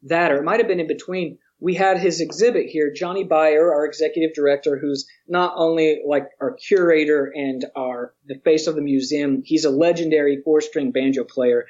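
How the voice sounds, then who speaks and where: Man, highish voice, chatty guest who acts out quotes; slightly muffled audio. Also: moderate pace, hardly any pauses. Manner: animated storyteller, acts out quotes, laughs often. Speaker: interview guest, museum educator. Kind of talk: casual storytelling interview.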